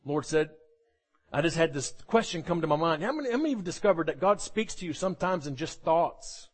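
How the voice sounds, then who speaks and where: A man preaches a sermon in a fairly high voice that swings widely up and down. He is animated and jokey, with humorous asides and acted-out quotes. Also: fast.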